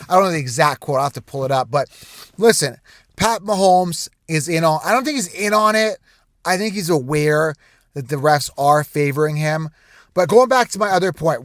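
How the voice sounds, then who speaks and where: Male sports host with a raised pitch, recorded dry and close, ranting casually to camera. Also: no echo. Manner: animated, conspiratorial, repetitive asides. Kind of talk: casual direct-to-camera rant.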